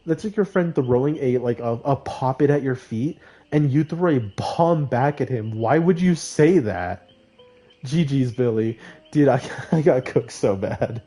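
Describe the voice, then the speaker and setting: A young man streamer telling casual stories with animated, laughing delivery and high squeaky outbursts when quoting himself. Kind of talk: casual storytelling.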